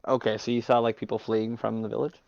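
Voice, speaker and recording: A man's voice: lowish voice, flat delivery, fast talker, gravelly, darkish tone, no room sound, muffled recording. A man playing a tabletop game, narrating his character's actions with lots of fillers. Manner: rambling, filler-heavy narration. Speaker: player. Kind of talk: tabletop role-play chat.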